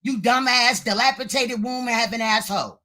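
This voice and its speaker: Woman host, bright edgy tone, profane heated rant on a live stream. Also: a little high, moderate pace. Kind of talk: heated reaction livestream.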